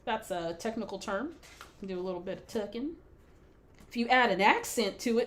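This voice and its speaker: A woman's voice: medium pitch, expressive, a little fast, fairly bright tone. A woman hosting a live scrapbooking stream, chatting playfully with viewers and laughing often as she works. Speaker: scrapbooking livestream host. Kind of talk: casual crafting livestream chat.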